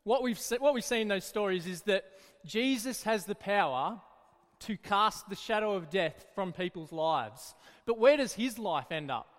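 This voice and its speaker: High-voiced man leading a children's Bible talk. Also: moderate pace, long reverb tail. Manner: lively, encouraging, storytelling. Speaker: children's church leader.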